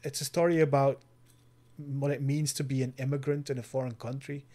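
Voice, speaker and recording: A man's voice: mid-range voice, little pitch movement, a little fast, warm tone. Male podcast co-host, earnest and casual, game recommender. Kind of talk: casual chat.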